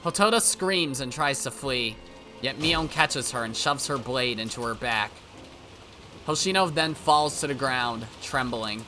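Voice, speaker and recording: A man's voice: medium pitch, measured pace, sharp tone, slight background noise. A man reading a visual novel aloud, with brief side remarks of his own. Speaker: let's-play narrator. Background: game music.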